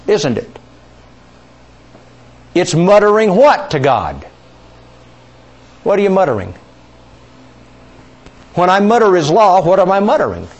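A male pastor teaching a sermon, asking the congregation questions, repeating key words and stretching scripture quotes out slowly. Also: sits high.

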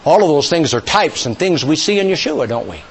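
A man preaching a sermon, emphatic and rising to near-shouts, leading call-and-response with his congregation. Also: fairly high pitch, very animated, a little fast, gravelly, slightly rough.

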